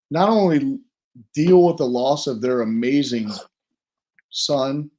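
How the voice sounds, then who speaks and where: Emotional man speaking haltingly. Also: medium pitch, dark tone. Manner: halting, emotional, self-deprecating. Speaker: guest witness. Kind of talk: emotional podcast interview.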